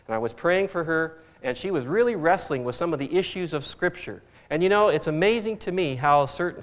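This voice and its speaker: Earnest middle-aged male pastor preaching. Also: a little high. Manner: earnest, repeats phrases for emphasis. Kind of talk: sermon.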